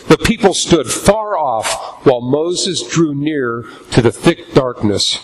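A man preaching a sermon in a church, reading scripture aloud and slowing down for emphasis. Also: fairly high pitch, lively intonation, slight background noise, rough recording. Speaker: pastor.

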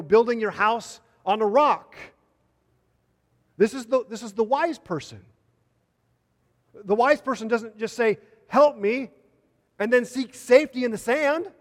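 A man's voice: sits high, moderate pace, pauses often, in a large hall. A man preaching a sermon, earnest and repeating phrases for emphasis.

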